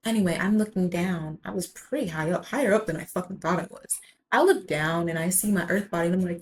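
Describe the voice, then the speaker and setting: A woman's voice: lowish voice, normal speed, a little hiss or hum, low-quality recording. A woman vlogger telling a personal story in a rambling way, full of "like" and casual swearing.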